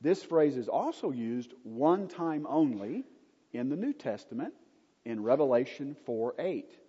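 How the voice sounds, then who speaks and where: A Bible teacher with a mellow, slightly husky, mid-range voice gives a very animated but unhurried lecture, stressing key words and tossing in casual asides. The recording is dull and lo-fi, with long reverb trailing off the walls of a large hall.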